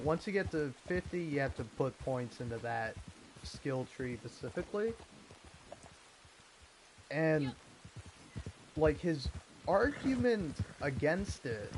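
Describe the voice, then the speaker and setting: A man's voice: mid-range voice, slight background noise. A man talking casually over gameplay, rambling and hesitant with many filler words. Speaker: gaming video host. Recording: voice over game music. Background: game music and horse hooves.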